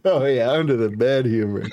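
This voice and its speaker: A man's voice: medium pitch, darkish tone, no room sound, clean studio sound. A man chatting casually as a podcast host, rambling, laughing often and swearing a lot. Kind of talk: casual chat.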